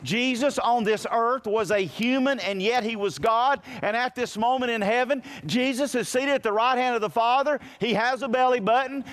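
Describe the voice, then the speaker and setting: A man preaching a sermon as pastor, addressing listeners directly and swinging from loud, raised passages to hushed, quiet ones. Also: extremely high pitch.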